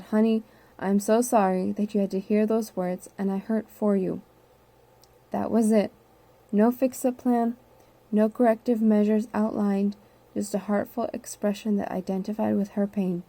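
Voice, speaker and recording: A woman reading a nonfiction book aloud in a steady, measured, earnest way. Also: medium pitch. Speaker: audiobook reader. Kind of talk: nonfiction audiobook narration.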